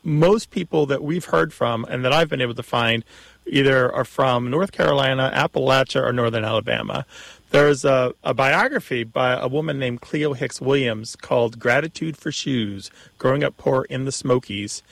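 A man's voice: medium pitch, moderate pace, creaky, fairly bright tone, no room sound. A man co-hosting a call-in radio show, explaining word usage in a knowledgeable way with some restarts. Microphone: studio mic.

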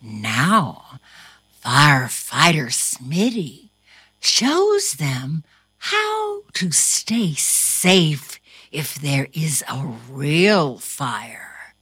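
Slow sing-song woman reading a picture book aloud. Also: deep voice, slightly rough, no room sound. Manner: slow, sing-song and animated, with gasps and playful sound effects. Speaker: storybook reader.

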